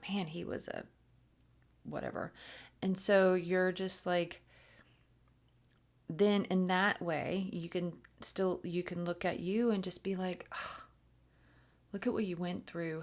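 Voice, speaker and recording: Soft, whispery woman channeling a reading. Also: fairly low pitch. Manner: soft-spoken, often drops to a whisper, halting with fillers. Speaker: channeler giving a spiritual reading. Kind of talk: channeled reading with spoken light language.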